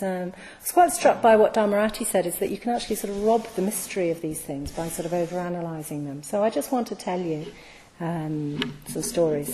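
A woman giving a reflective storytelling talk to an audience, hesitant with many ums and soft trailing phrase endings. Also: mid-range voice. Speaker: speaker at a Buddhist gathering. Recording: long hall reverb.

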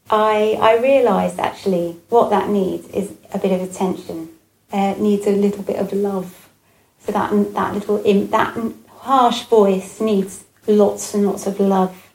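Gentle reflective woman giving a dharma talk. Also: medium pitch, fairly even intonation, slow. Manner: gentle, reflective, many fillers. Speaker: Buddhist dharma speaker. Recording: echoey room with faint ambience.

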